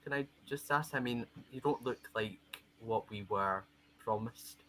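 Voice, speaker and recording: A man's voice: mid-range voice, a little slow, sharp tone, poor audio. A man voicing a hesitant local who hired the adventurers, stumbling over his words with many fillers. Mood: awkward.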